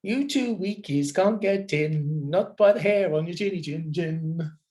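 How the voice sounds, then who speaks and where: A man's voice: sits high, a little slow, dark tone. A man reading a storybook aloud and voicing mocking little pigs in a sing-song taunt.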